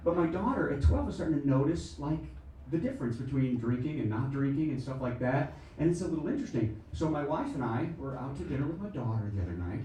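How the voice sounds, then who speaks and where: Animated american comedian in an echoey theatre. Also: male voice, fast talker, a little hiss or hum. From United States. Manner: animated, exaggerated, acts out shrill voices. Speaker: stand-up comedian. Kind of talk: stand-up comedy set. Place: small comedy theatre stage. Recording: echoey room mic'd from a distance. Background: audience laughter.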